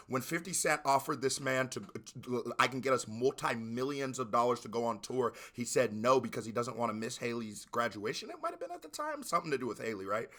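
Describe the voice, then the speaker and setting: A man hosting a music reaction video, talking casually and breaking into loud excited exclamations. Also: mid-range voice. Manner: animated, bursts into shouted exclamations.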